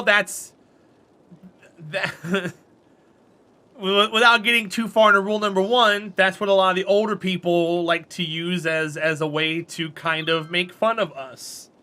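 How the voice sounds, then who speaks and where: A man's voice: sits high, moderate pace, sharp tone. A man chatting casually on a live stream while playing a game, rambling and answering chat.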